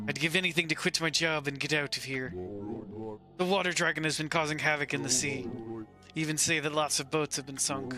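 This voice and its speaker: A man voicing a nervous male city guard in a video game, with a gruff lilt somewhere between a pirate and a Scotsman. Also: on the high side, close to an everyday voice. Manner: slow, gruff half-pirate half-Scottish lilt.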